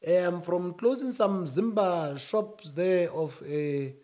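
A man speaking as a union-leader guest, emphatic, rising to shouts and then dropping low. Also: slow. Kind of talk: animated interview talk.

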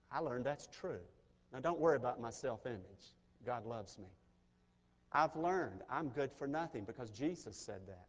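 A middle-aged pastor from Mississippi, preaching an earnest, personal sermon that swells in intensity. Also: male voice, mid-range voice, expressive, measured pace, pauses often. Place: large chapel. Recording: chapel recording with long reverb.

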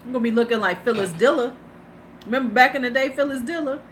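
A woman's voice: on the high side, quick pace, slight background noise. A woman in her fifties, a beauty vlogger hosting a live stream, chatting casually, laughing and greeting her viewers. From United States.

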